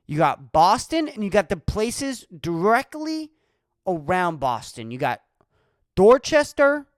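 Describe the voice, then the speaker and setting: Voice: medium pitch, no room sound. Profane ranting podcast host from Massachusetts. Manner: profane, emphatic, repetitive ranting. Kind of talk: solo podcast rant.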